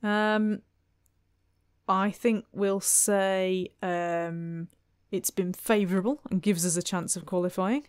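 A woman's voice: mid-range voice, unhurried, dry recording. Wry woman commentating gameplay. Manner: wry, chatty, exasperated asides. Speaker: let's play host.

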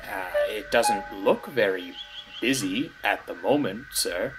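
A man's voice: medium pitch, big pitch swings, moderate pace, loud music behind the voice, lightly acted. A man voicing a polite little tram engine. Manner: polite, mild-mannered.

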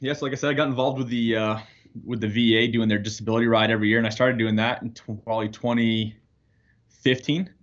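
A man's voice: medium pitch, fairly even intonation, fast talker. A man, an air force firefighter, talking earnestly as a guest over a video call, with fillers. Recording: dull lo-fi video call audio.

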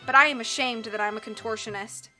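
A woman voicing a shy, melancholy contortionist woman who sighs and speaks softly, a little higher than the narration. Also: steady tone, quick pace, soft background music. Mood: shy, sad. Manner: soft, sighing, shy.

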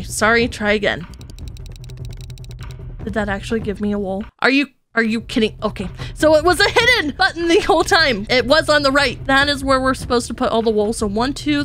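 Excitable high-voiced woman gamer. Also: slight background noise. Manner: excitable, gasping, chatty. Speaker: gaming YouTuber. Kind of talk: Minecraft let's play with roleplay. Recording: faint music underneath.

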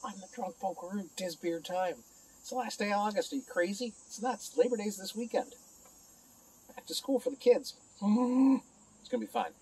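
A man's voice: high voice, moderate pace, a little mellow, slight background noise, rough recording. A man casually reviewing a beer alone at home, rambling and chatting to his viewers and to himself.

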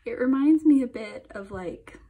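A young woman chatting through an album unboxing, gushing and chatty, sometimes dropping into soft whispers. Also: fairly high pitch, lively intonation, normal speed, slightly rough, phone-quality sound. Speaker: K-pop album reviewer. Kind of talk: casual unboxing commentary.

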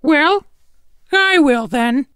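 Tiny squeaky hen, super high, hardworking, calling out. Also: male voice, lively intonation, extremely slow, full character voice. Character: busy hardworking little red hen.

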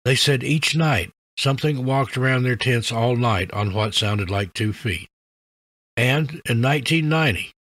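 A man's voice: medium pitch, dry recording. Man narrating eerie tales, dry and close. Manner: measured, even storytelling delivery. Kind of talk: scripted narration of scary stories.

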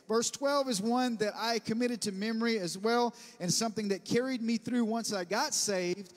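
A man, preaching a sermon as pastor and telling stories in an animated way, calling the congregation for amens. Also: high voice, normal speed. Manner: animated storytelling, bursts of loud laughter; preacher who calls for amens. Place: church sanctuary. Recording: long church-hall reverb.

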